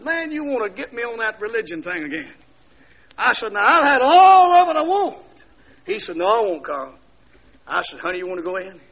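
An older male preacher tells his testimony in a high, bright, ringing voice, telling the story in turns and rising into fervent shouts. The sermon comes through on a dull, lo-fi recording of a church service. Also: husky.

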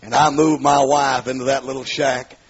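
A man's voice: medium pitch, little pitch movement, moderate pace. A man preaching his life testimony in a storytelling manner, acting out the dialogue and rising into pleading cries, from the southern United States. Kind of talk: testimony sermon. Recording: muffled, husky lo-fi recording.

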